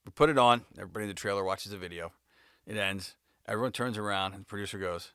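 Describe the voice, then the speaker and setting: Bright-voiced man telling a wild story. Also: fairly low pitch, quick pace, clear, resonant tone, no echo, studio quality. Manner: laughs often, swears, talks in bursts with restarts. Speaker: music video director. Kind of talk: casual anecdotal storytelling.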